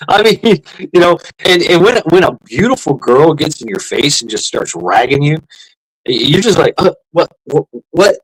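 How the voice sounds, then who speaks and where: A man's voice: a little high, animated, normal speed, slightly rough, poor audio. A middle-aged man hosting a casual livestream, rambling and swearing, repeating himself and laughing often. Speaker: livestream host.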